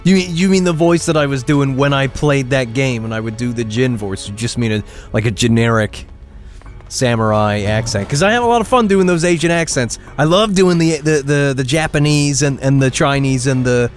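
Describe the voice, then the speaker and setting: A man's voice: mid-range voice, moderate pace, soft background music. A man chatting casually while streaming a game, rambling and restarting his sentences. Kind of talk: casual gameplay commentary.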